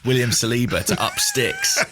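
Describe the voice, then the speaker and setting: A man co-hosting a podcast, joking around and chatting in a playful, animated way. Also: mid-range voice, normal speed, noisy background. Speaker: podcast co-host. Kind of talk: casual podcast chat.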